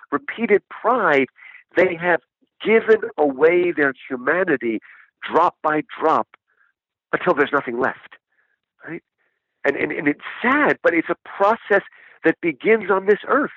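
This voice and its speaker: A guest discussing a book speaks expressively in a high-side, slightly rough voice at a measured pace. He's animated and enthusiastic, asking rhetorical questions and repeating "right?". The lo-fi recording is dull and dry with no room sound.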